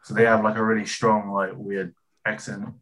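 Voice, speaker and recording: A man's voice: fairly low pitch, level tone, normal speed, a bit bright. A young English man with a West Country accent, chatting casually and often trailing off and restarting. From England. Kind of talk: casual chat.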